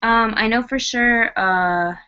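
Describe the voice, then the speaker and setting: A woman's voice: a little high, slow pace, pushed and bright, clear, resonant tone, lo-fi sound. A woman vlogger chatting casually about her dolls as she works on them, rambling with plenty of fillers. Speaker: doll collector vlogger. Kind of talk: casual chat while working.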